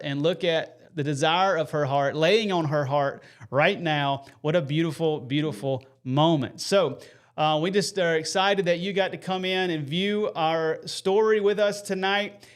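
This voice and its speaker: A man, hosting a live faith stream with earnest, folksy talk and shout-outs to viewers. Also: sits high, clear, resonant tone.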